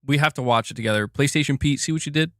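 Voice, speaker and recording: A man's voice: mid-range voice, rapid-fire, dry recording, clean studio sound. A man hosting a casual livestream, joking, laughing often and rambling as he reads chat. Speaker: livestream host.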